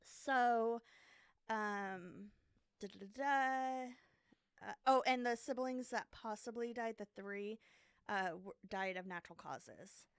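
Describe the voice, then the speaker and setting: A woman's voice: mid-range voice, slow pace, clear, resonant tone, no room sound, studio quality. A woman co-hosting a podcast, casually telling a true crime story with lots of fillers and self-deprecating asides. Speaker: podcast co-host.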